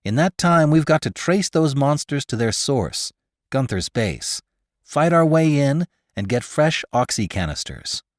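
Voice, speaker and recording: A man plays a slight, nervous space photographer in a dry, close audiobook reading. His jittery, excitable lines jump all over in pitch, quick to alarm and quick to cheer. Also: no room sound. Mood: earnest.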